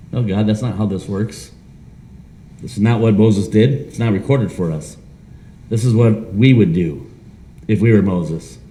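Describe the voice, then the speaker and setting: A man preaching a sermon as pastor of a small church, with a Midwestern American accent, who acts out imagined conversations. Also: mid-range voice. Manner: animated, acts out imagined dialogue.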